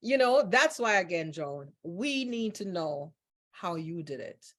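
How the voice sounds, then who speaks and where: A woman hosts an interview in a somewhat low voice, speaking earnestly and admiringly. She leans on repeated phrases to drive points home. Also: sing-song, measured pace, fairly bright tone. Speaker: host.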